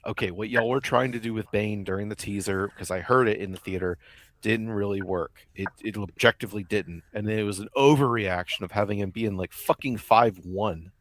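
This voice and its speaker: A man's voice: lowish voice, fairly quick, a bit bright, slight background noise. A man co-hosting a podcast, chatting casually about film trailers, joking and swearing freely. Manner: jokey, blunt, swears freely. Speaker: podcast co-host. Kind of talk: casual chat.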